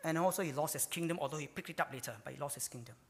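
A man preaching a sermon, swinging between loud emphatic lines and hushed ones. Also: fairly high pitch, racing, gravelly. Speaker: pastor. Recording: hall reverb.

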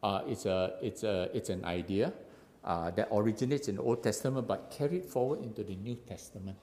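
A man preaching a sermon in a lively way, acting out dialogue and using local particles. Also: fairly low pitch, brisk, in a large hall. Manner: animated, acts out dialogue, Singlish particles.

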